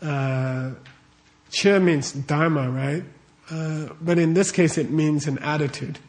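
A man's voice: fairly high pitch, slow, a little mellow. A man giving a casual Buddhist teaching to a live audience. He talks conversationally, often asks the audience questions and checks in with them with "okay?" and "right?". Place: warm room with a live audience.

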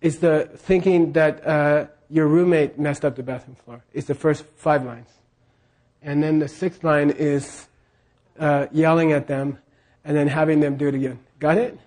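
A male teacher gives a slow, unhurried classroom lecture on scripture in a fairly high voice. He has the students repeat lines after him and keeps checking that they follow. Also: fairly even intonation, darkish tone. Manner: leads call-and-response repetition.

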